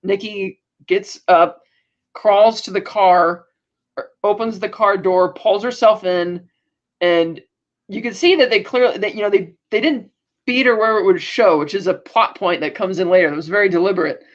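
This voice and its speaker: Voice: mid-range voice, moderate pace, muffled recording. Rambling podcast co-host recapping TV. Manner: rambling, restarts, acts out quoted lines. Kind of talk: casual TV episode recap.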